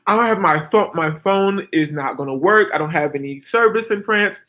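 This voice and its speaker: A woman in her twenties, a vlogger, casually telling a story to her viewers in an animated, chatty way, full of "like" and "girl". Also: fairly low pitch, moderate pace, few pauses. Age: 20s.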